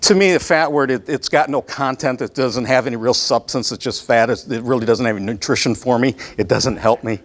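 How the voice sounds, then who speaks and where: A man's voice: mid-range voice, a little fast, hardly any pauses, a bit bright. Midwest guy running a sales training, casual, keeps asking the room if it makes sense. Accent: American Midwest. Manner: conversational, checks in with questions. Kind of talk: live training session.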